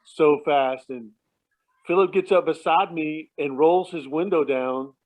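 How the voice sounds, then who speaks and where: At home at night, a man with a fairly high, darkish voice speaks a little slowly over a tinny phone line. He's a relative recounting family stories for a remembrance, rambling casually, chuckling often and restarting sentences.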